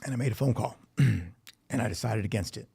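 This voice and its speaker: A man's voice: mid-range voice, brisk, vocal fry, mellow, breathy edge. A man telling his recovery story at a meeting, speaking candidly with swearing and acting out quoted dialogue. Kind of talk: personal testimony. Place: recovery facility meeting room.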